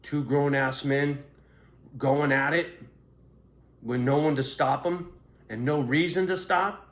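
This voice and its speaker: A man's voice: a little high, steady tone, slow. A middle-aged man bluntly telling his own story in a profane, street-tough way. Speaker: vlogger. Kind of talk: candid personal monologue. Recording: roomy echo, faint background noise.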